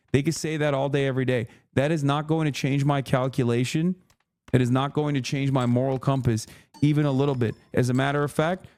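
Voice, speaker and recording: With a medium-pitched, darkish voice, a man streamer delivers a heated, profane rant to his chat, swearing heavily and sarcastically imitating the people he's mocking.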